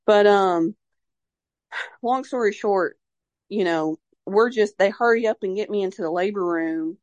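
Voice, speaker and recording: A young mother shares her birth story, rambling casually with lots of "like" and other fillers, her tone openly emotional and devout. Her mid-range voice is unhurried with a darkish tone, and there's no echo.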